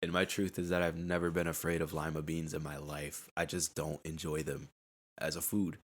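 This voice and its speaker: A man's voice: extremely low pitch, little pitch movement, moderate pace. A young man hosting a casual solo podcast, rambling in a laid-back way and laughing at himself. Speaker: podcast host. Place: at home.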